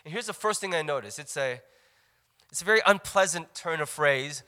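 High, bright-voiced male preacher. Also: a little fast, clean tone, big-room sound. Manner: animated, joking asides to the congregation. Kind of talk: sermon.

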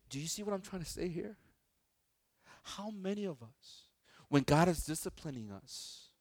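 A man preaching a sermon at a church, lively and joking, acting out quoted voices into a microphone. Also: fairly high pitch, dry recording, clean studio sound. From Chicago, United States. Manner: animated, acts out quoted voices, joking asides. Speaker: pastor. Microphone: handheld or stand microphone.

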